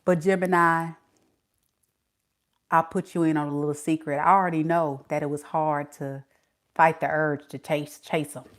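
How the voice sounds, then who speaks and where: A woman's voice: deep voice, steady tone, normal speed, long pauses. A woman reading tarot cards for her audience. She is sassy and playful, and she drops slang as she talks straight to the listener. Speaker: tarot reader.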